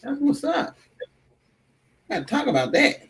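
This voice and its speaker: A man's voice: very high-pitched, big pitch swings, measured pace, a bit bright. A man hosting a casual group chat, putting open questions to the room and inviting people to share.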